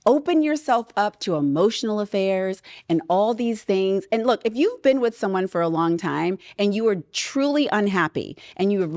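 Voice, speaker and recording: A woman in her thirties hosting a podcast, chatting with animated, sassy storytelling in a studio. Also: mid-range voice, no echo. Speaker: podcast host. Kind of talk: casual chat.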